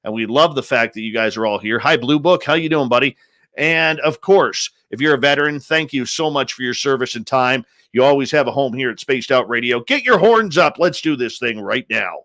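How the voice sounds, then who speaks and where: A man hosting a live radio show, greeting listeners one after another in a playful, upbeat manner with drawn-out announcer emphasis. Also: mid-range voice, fairly bright tone, no room sound. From Canada. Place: home studio in British Columbia.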